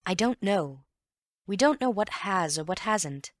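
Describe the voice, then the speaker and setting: A woman reading an audiobook and voicing a calm, wry gentleman amateur detective who reasons in an unhurried, teasing way. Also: medium pitch, no echo, pitched above the performer's own voice, lightly acted. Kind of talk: audiobook character voice.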